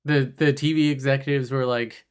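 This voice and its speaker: A man's voice: mid-range voice, steady tone, smooth. A man co-hosting a podcast, recapping a movie in wry casual chat and acting out the characters' lines. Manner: wry, acts out characters' lines in quick bursts. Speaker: podcast co-host.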